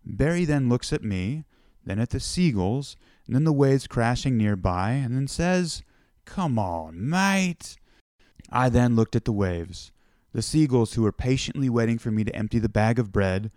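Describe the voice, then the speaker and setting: A man's voice: medium pitch, animated, normal speed, warm tone, dry recording, studio quality. A man from the United States hosting a podcast, telling a personal story in a reflective, conversational way. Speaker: podcast host.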